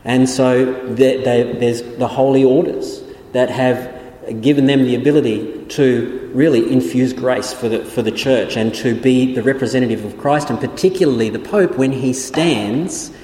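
A man's voice: mid-range voice, moderate pace, mellow. A man giving a theology lecture in an explanatory way, often restarting his sentences. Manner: explanatory, many restarts and fillers. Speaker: Bible teacher. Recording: echoey room with long reverb.

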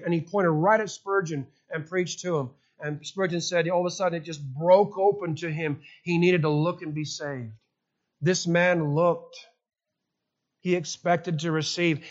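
A man preaching a sermon, telling a Bible story with animated, repetitive emphasis. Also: sits high, highs cut off.

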